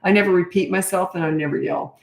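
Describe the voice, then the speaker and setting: A woman's voice: on the low side, quick pace, creaky. Blunt canadian mom-coach lady, middle-aged, lots of ums, talking in a roomy echoey space. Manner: blunt and matter-of-fact, many fillers. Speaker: parenting coach. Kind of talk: casual livestream Q&A. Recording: echoey room.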